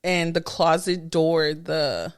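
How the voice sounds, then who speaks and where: A young woman co-hosting a podcast, telling stories in casual chat, animated and often laughing. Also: sits low, slow, clear, resonant tone. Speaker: podcast co-host.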